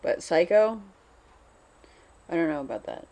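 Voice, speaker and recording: A woman's voice: fairly low pitch, normal speed, pauses often. A woman filming herself in an unscripted monologue, anxious and rambling, repeating the same phrases over and over. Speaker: vlogger. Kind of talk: unscripted self-filmed monologue. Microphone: self-filmed camera.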